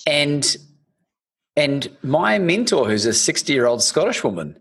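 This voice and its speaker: A man hosting a podcast, his voice slightly husky and breathy. He rambles through his stories with plenty of restarts and the odd swear word. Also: fairly high pitch, big pitch swings, unhurried, fairly bright tone. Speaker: podcast host. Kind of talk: casual interview chat.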